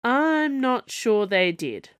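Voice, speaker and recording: A woman's voice: fairly high pitch, sing-song, slow, no echo, clean studio sound, pitched above the performer's own voice. A woman reading the lines of an earnest, slightly unsure young man companion in a storybook serial.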